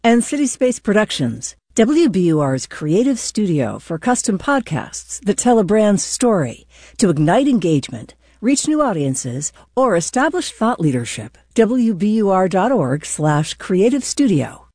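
A radio announcer with a mellow, warm tone reads funding credits with animated, lively pitch. The sound is dry and close. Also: a little slow, no room sound.

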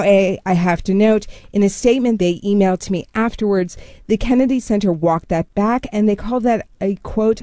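A woman culture correspondent explaining a story in a measured, steady way during a radio news interview. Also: medium pitch, no echo.

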